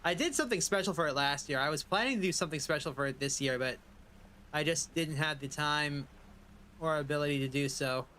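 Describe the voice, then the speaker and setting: Male streamer, slightly high, bright voice; casual rambling commentary with joking pirate asides. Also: a little fast, a little hiss or hum.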